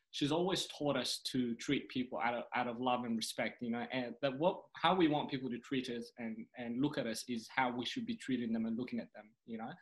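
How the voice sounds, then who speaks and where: A young man from Sudan, a comedian guest on a podcast, telling a personal story in an earnest, animated way, often saying "you know" and "man". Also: medium pitch, rough recording. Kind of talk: casual storytelling interview.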